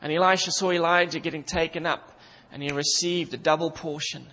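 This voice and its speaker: A man's voice: fairly high pitch, steady tone, brisk, few pauses, bright, forceful tone. A man preaching a sermon with fervent, emphatic delivery, repeating phrases for emphasis. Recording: dull sound with long reverb in a hall.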